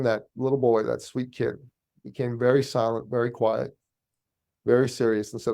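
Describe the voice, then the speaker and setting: A man's voice: mid-range voice, moderate pace, vocal fry. A man, a business coach, telling a personal story in a podcast interview and acting out the people in it. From Canada. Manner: animated storyteller, acts out quoted voices.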